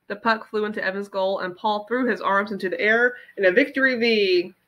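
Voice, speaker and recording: A woman teacher reading a children's novel aloud with expressive storytelling. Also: medium pitch, a little fast, dull audio.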